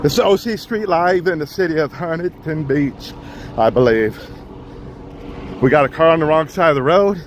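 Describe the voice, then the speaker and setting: Brief: out-of-breath man, live street news streamer, urgent halting commentary, slightly high voice, faint outdoor noise. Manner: urgent, halting, repeats himself. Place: outdoors on a freeway bridge. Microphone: phone.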